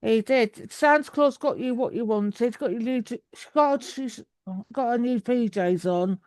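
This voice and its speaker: A woman's voice: a little high, measured pace, a little mellow, no room sound. A woman in her thirties, chatting over a video call in a rambling way with many restarts. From England. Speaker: guest. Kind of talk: casual video call chat.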